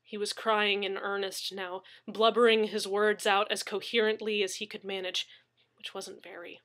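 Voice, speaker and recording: A woman's voice: mid-range voice, little pitch movement, a bit bright. A woman reading a science fiction story aloud as its narrator. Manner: slow, dramatic narration. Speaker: reader.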